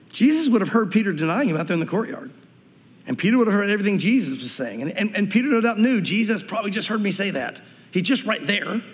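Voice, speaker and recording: A pastor from Tennessee with a light Southern US accent, preaching a sermon in a fast, animated way and acting out the voices he quotes. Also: high-pitched. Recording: long reverb of a large hall.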